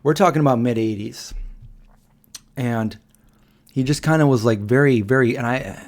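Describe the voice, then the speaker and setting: Rambling, halting man hosting a livestream. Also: mid-range voice, darkish tone. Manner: rambling, halting, with many ums and restarts. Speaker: livestream host. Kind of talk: casual storytelling on a live Q&A stream.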